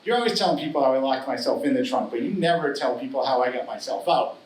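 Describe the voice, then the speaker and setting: A man acting out his blustering father, a middle-aged handyman, yelling indignantly on a live storytelling stage. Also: mid-range voice, lively intonation, fast, lightly acted. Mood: wry. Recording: roomy live hall, distant mic.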